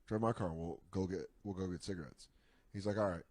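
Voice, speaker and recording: A man telling a profane, animated story in casual chat, acting out the voices of the people in it. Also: low-pitched, a little fast, no echo. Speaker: comedian telling stories.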